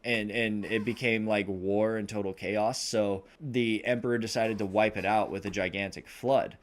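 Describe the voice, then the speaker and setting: Man, somewhat low voice, casual podcast chat, rambling, heavy swearing, lots of fillers. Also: steady tone, moderate pace. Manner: profanity-laced, rambling, many fillers. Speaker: podcast co-host. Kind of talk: casual chat retelling a movie plot.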